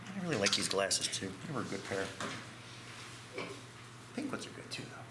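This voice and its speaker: A man with a lowish, very animated voice teaches a math class at a moderate pace, joking and making fun of himself as he works through problems with his students. The recording is very noisy and echoes around the classroom.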